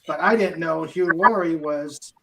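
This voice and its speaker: A man's voice: on the high side, unhurried, creaky, crowd noise. A man hosting a casual group chat on a video call, chatty and self-deprecating. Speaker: podcast host.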